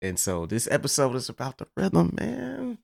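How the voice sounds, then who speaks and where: A male podcast host telling a story casually, cursing freely and laughing along. His voice swings widely in pitch with a gravelly edge, recorded dry and close. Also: normal speed, no room sound. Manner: animated, profane, laughs through his story.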